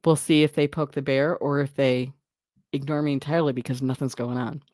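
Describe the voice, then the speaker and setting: A woman's voice: extremely low pitch, steady tone, a little fast, a little mellow, no echo, studio quality. A woman hosting a live stream, chatting casually and answering viewer comments in a rambling way, often breaking off and laughing.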